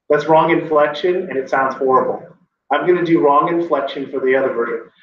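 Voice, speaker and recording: Male teacher, emphatic and opinionated, slightly high, recorded from a distance, dull sound. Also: fairly quick, a little hiss or hum. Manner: emphatic, opinionated, explains with examples. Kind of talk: classroom teaching. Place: classroom. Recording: echoey room from far off, dull.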